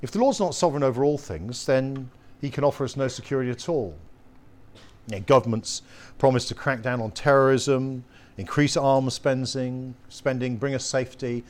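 In a mid-range voice, a man delivers a sermon earnestly and with emphasis, posing rhetorical questions to his listeners. He slows down whenever he reads from scripture.

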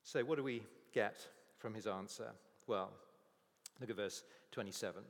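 A man's voice: on the low side, normal speed, gravelly. A man preaching a sermon, telling stories and acting out the people's voices in quotes. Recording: long reverb of a large hall.

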